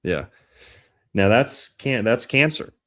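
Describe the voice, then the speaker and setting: A man's voice: medium pitch, expressive, slow, a bit bright. A man hosting a casual podcast chat about astrology, playful and punning, stretching out words for emphasis. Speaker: podcast host.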